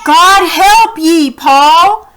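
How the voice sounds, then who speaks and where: Lady doing an old grandpa yelling across the water, loud and booming, kid's story read-aloud. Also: very slow, a little hiss or hum, exaggerated voice. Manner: booming, calling out loudly. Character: old grandfather cheering from horseback.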